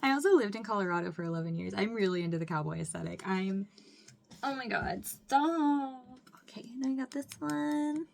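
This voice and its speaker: A young woman from Mississippi talks her way through an unboxing, bubbly and breathless with delight. Her mid-pitched voice carries a gravelly fry, and she peppers everything with "like" and bursts of laughter. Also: lively intonation, fast. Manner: gushing, squeals and laughs often, says "like" a lot. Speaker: vlogger. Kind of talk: excited unboxing chat. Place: home room with window.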